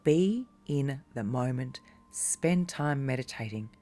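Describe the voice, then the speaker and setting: Woman, meditation teacher; deep-toned, warm encouragement, direct address, occasional whispers. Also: animated, slow pace. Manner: encouraging, speaks directly to the listener. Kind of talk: casual motivational talk.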